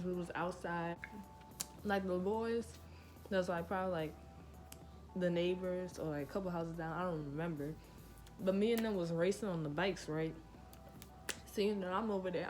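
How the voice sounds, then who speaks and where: A woman's voice: fairly low pitch, a little mellow. A woman vlogger telling a casual storytime tale with a loose, profane manner and lots of fillers.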